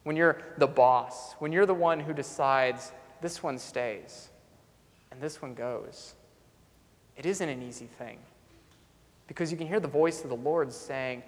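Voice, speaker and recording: A man's voice: mid-range voice, measured pace. A man preaching a sermon as a pastor, telling a story earnestly and coming back to a repeated refrain. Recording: long reverb in a large hall.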